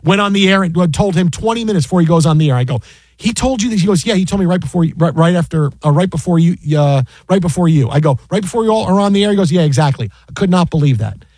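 High-voiced man telling an incredulous story. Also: fast talker, few pauses, breathy edge, dry recording. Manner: excited, many restarts, incredulous. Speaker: sports broadcaster guest. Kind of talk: animated anecdote on a podcast.

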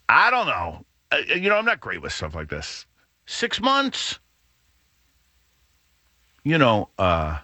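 A middle-aged man hosting a radio show, telling a rambling story with many fillers and an animated, booming way of talking. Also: no echo. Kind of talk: storytelling chat.

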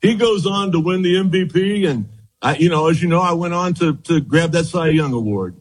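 An older man, a former ballplayer, recounting his career in an animated interview, acting out the dialogue he quotes. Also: a little high, moderate pace, husky. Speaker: former pitcher, guest. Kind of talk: storytelling interview.

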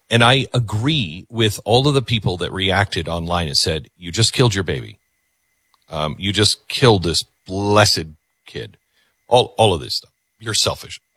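A man's voice: lowish voice, fairly bright tone, husky, dry recording. A man hosting a call-in radio talk show, earnest and reflective, often repeating words as he gathers his thoughts.

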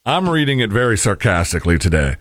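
A man's voice: lowish voice, sing-song, quick pace, no echo. A man co-hosting a talk show with dry, sarcastic remarks. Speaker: co-host. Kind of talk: casual talk show banter.

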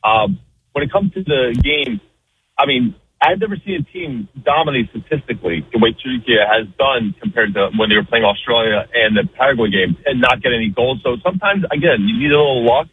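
A man calls in to a radio show and talks fast and earnestly, packing in fillers. His voice comes over a tinny phone line with a faint hiss behind it. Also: medium pitch, expressive. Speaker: radio caller. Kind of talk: casual call-in chat.

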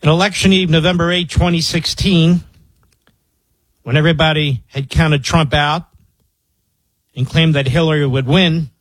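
A man's voice: a little high, breathy edge, no room sound, low-quality recording. A man hosting a talk radio show, telling a story in an emphatic, boastful manner.

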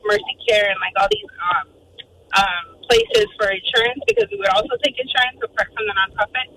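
Female caller, animated storyteller, bright and quick, acts out every quote. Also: on the high side, slight background noise, poor audio. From Arizona, USA. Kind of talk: telling a story on a radio call-in.

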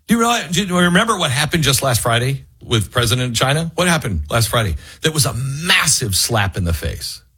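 A man's voice: medium pitch, fairly quick, hardly any pauses, breathy edge, dry recording. A male radio talk show host, emphatic and opinionated, with a dry close studio sound. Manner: emphatic, animated, mocks others in put-on quotes.

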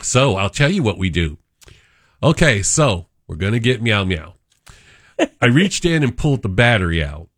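Animated middle-aged male radio host. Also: normal speed, dry recording, studio quality. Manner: animated storyteller, acts out voices with pitch jumps. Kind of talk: casual radio chat and storytelling. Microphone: studio microphone.

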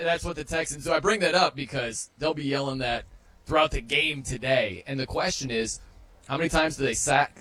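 A man hosting a sports talk radio show, energetic and chatty, with a husky voice. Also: fairly high pitch. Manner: energetic, mimics stadium chants.

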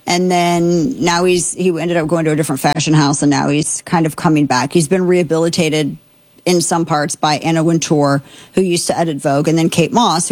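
A woman host with a lowish voice runs through the day's stories in casual commentary. She is chatty and digressive and often restarts her sentences. The sound is dry and close. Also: a little mellow, no echo. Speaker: show host.

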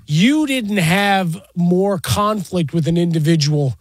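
A man's voice: high-pitched, slow pace, no echo. A man co-hosting a sports talk show, teasing his partner in a dry way.

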